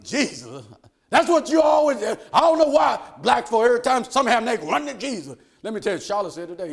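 A man preaching a folksy, animated sermon. He laughs often and swings between loud and hushed. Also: very high-pitched, brisk, gravelly.

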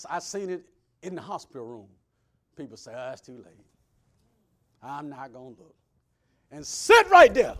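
A man preaching a sermon, swinging between loud preaching and hushed asides. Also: sits high, vocal fry. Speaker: pastor.

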